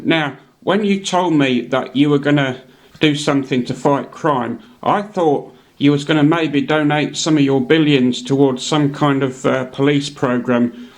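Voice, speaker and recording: A man voicing an elderly butler who is deadpan and hard of hearing. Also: medium pitch, natural voice.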